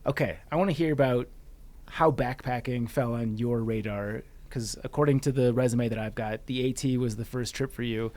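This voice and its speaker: A man hosting a podcast, asking questions in a relaxed, joking way. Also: mid-range voice, moderate pace. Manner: upbeat, joking. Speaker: podcast host. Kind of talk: casual interview chat.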